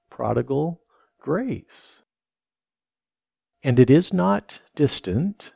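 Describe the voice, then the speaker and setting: Male pastor, mellow dark tone, unhurried sermon delivery with repeated refrains. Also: fairly high pitch, expressive, creaky, husky, no room sound, studio quality. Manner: reflective, repeats phrases for emphasis, reads scripture aloud.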